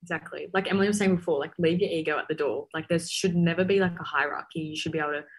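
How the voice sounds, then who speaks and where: Husky young Australian woman, rambling. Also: sits low, steady tone, very fast. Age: young adult. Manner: rambling, self-conscious, laughing aside. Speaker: guest, paramedic student. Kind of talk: casual interview chat.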